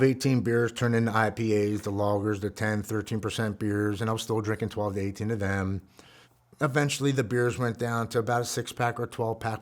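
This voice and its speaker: This is personal storytelling from a guest speaker, a man in his forties with a low voice. Reliving painful memories, he sounds raw, heartfelt and earnest.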